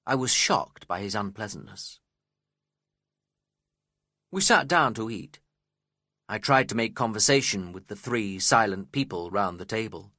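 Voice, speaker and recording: A man reading a story aloud as its narrator, in a slow, measured and expressive way. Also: lowish voice, dry recording, studio quality.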